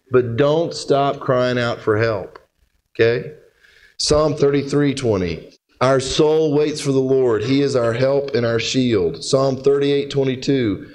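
A man's voice: mid-range voice, darkish tone. A man preaching a sermon as pastor, reading scripture aloud and asking the congregation direct questions in a conversational way.

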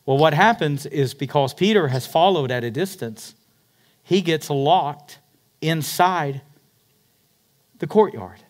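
A man preaching a sermon, retelling a story dramatically, swinging between loud emphatic peaks and hushed, quiet passages. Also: on the high side, lively intonation, takes it slowly, pauses often. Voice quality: dramatic storyteller, rising to near-shouts then dropping to hushed tones. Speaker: pastor.

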